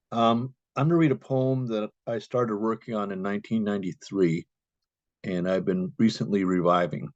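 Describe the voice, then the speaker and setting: A man reading his own poem slowly and deliberately at an open mic. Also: on the low side, no room sound. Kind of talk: poetry reading. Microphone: video call. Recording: dull lo-fi video call audio.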